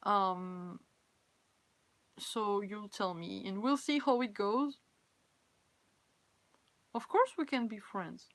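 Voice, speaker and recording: A woman's voice: medium pitch, takes it slowly, pauses often, dry recording. Tired young French-accented woman chatting. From France. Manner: chatty, giggly, self-deprecating, reads chat aloud. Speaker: cosplay livestreamer. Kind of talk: casual live stream chat with viewers.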